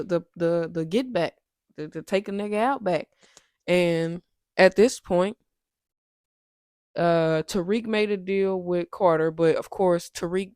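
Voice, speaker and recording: A woman hosting a casual TV recap, ranting with heated, profane rhetorical questions and big swings in pitch and loudness. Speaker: TV recap host.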